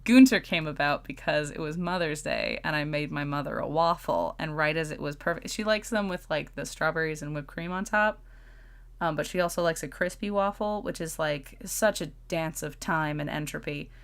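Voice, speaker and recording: A woman's voice: deep voice, normal speed. A woman co-hosting a podcast, chatting playfully and laughing often. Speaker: podcast co-host. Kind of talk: casual chat.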